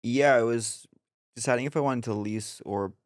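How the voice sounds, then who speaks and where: A man putting on a flat, monotone straight-guy voice as a caller asking about a car. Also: moderate pace, no room sound, studio quality, close to an everyday voice. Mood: deadpan. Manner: monotone, low-key.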